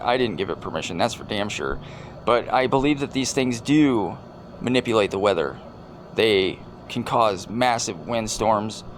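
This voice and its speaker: Deadpan rambling man hosting a video. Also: fairly low pitch, a little hiss or hum. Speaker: video host. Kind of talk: casual commentary over video clips.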